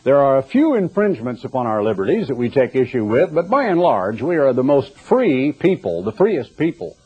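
An older male preacher delivering a radio sermon, conversational and given to asides. His voice is mid-pitched and emphatic, and the recording is muffled and lo-fi. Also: big pitch swings, moderate pace, slightly rough. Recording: dull lo-fi recording.

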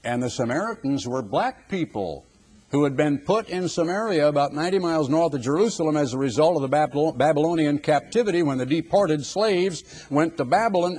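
Husky-voiced man preaching a forceful sermon. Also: fairly high pitch, expressive, fairly quick. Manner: forceful, dramatic preaching with sweeping rhetorical lists.

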